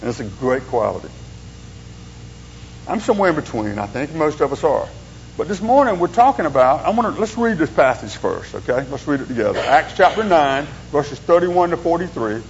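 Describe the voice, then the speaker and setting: Folksy pastor, somewhat high voice. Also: male voice, sing-song, brisk. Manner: folksy, rambling storyteller with joking asides. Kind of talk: informal sermon. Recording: dull lo-fi sound with faint hum.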